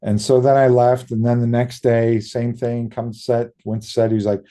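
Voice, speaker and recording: A man's voice: medium pitch, moderate pace. A middle-aged man, a makeup effects artist, telling stories in a casual interview and acting out other people's lines, with some swearing. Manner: lively storyteller who acts out quoted voices, casual swearing. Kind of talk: casual anecdotal interview storytelling.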